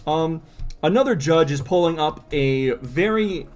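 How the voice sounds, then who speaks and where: A man on a casual comic podcast, his pitch bouncing all over as he talks through panels and reads lines aloud. His voice sits a little high for a man, and soft music plays underneath. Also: measured pace. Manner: lively, laughs easily, swears casually. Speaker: podcast co-host. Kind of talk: casual comic-book podcast chat with read-aloud dialogue.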